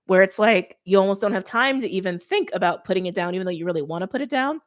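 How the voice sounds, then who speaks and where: A woman giving a casual tarot reading straight to her viewers, chatty and informal, with quick laughs and lots of "like". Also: mid-range voice, animated. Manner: talks straight to viewers by sign. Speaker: tarot reader.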